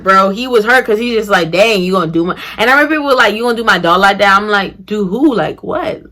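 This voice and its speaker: Chatty, bright-voiced young woman. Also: medium pitch, a little fast, hardly any pauses. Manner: chatty, animated, addresses viewers as y'all. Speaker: vlogger. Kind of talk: casual storytime vlog.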